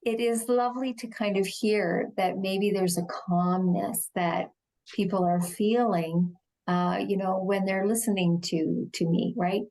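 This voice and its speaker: A middle-aged woman with a quiet, soothing voice, speaking slowly and gently as a guest explaining de-escalation in a TV interview. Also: mid-range voice, fairly even intonation. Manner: slow, measured, gentle delivery. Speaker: shelter executive director, interview guest.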